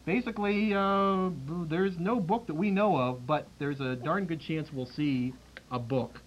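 A man's voice: a little high, unhurried. A man hosting a public access cable show, jokey and laughing, with stumbling restarts. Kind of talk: casual chat and mock announcing. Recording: lo-fi 1990s cable tape with faint hiss.

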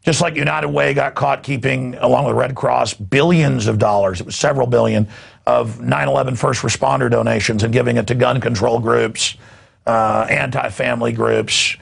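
Gravelly, sarcastic talk-show host man. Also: mid-range voice, steady tone, moderate pace. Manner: sarcastic, rambling, laughing asides. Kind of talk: news commentary rant.

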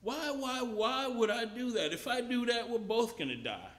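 Sly scorpion in a spoken parable, pleading and high-voiced, as a man puts it on. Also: animated, normal speed, a bit bright, reverberant. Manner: pleading, insistent repetitions.

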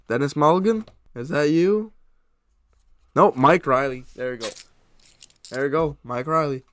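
Chatty young man opening card packs. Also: medium pitch. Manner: excited, chatty, talks to viewers. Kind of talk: casual pack-opening commentary.

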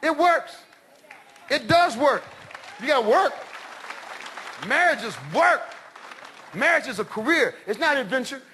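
A middle-aged man doing stand-up comedy on a large stage, loud and animated, shouting his punchlines. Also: very high voice. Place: large comedy stage before a live audience. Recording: live show with crowd laughter and noise.

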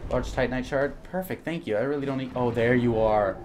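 A man's voice: mid-range voice, a little fast, background noise. A young man commenting on his own gameplay as he plays, jumpy and panicky, often repeating words in bursts. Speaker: gaming YouTuber.

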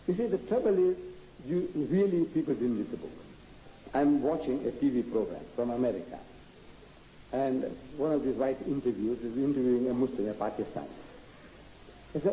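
A man with a medium-pitched, mellow voice and lively intonation answers audience questions at a public lecture at a moderate pace, leaving long pauses. He's combative and emphatic, firing rhetorical questions. The archive tape carries echoey hall sound and faint noise.

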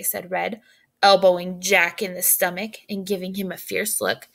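A woman narrating a children's storybook in a clear, steady and expressive reading voice. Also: fairly low pitch, normal speed.

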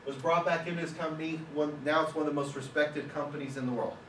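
A man's voice: a little high, fairly even intonation, fast, a bit bright, slight background noise. Man lecturing in an echoey classroom. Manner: conversational, anecdotal. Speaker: guest speaker. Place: film school classroom. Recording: echoey room, distant mic.

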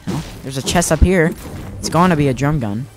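A young man giving casual, excitable commentary on his own gameplay, self-mocking and prone to repeating himself. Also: on the high side, a little fast, music in the background. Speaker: gaming YouTuber.

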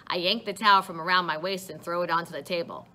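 A woman reading a first-person novel aloud in an expressive, conversational way. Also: lowish voice, quick pace.

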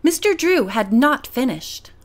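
A woman reading a mystery audiobook aloud in an expressive manner. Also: high voice, a little slow. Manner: expressive, character voices. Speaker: audiobook narrator.

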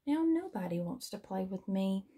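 A woman's voice: mid-range voice, very animated, moderate pace, dark tone, breathy edge. A woman voicing an eager, clumsy young male hippo in a children's storybook reading, with an earnest, pleading manner. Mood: sad.

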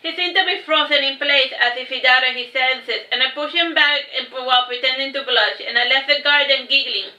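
Woman reading her fantasy story out loud, casual with restarts, echoey room. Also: sits high, normal speed, few pauses. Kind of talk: first-person story reading with asides.

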